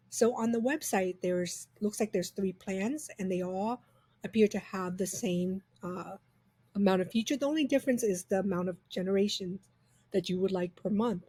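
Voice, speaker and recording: A woman reviewing software in an upbeat, chatty, enthusiastic way, walking through a screen demo. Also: medium pitch, breathy edge, no room sound.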